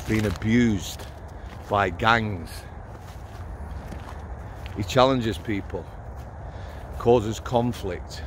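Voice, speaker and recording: A Yorkshire man from Sheffield in his fifties speaks to camera outdoors, taking his time over each blunt, punchy phrase. His voice sits in an ordinary middle pitch. A faint outdoor ambience runs underneath. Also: a little hiss or hum. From Sheffield, Yorkshire, England. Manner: blunt, plain-spoken, punchy short phrases. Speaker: former prison officer and vlogger. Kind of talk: casual monologue to camera. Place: outdoors on a cold hilltop.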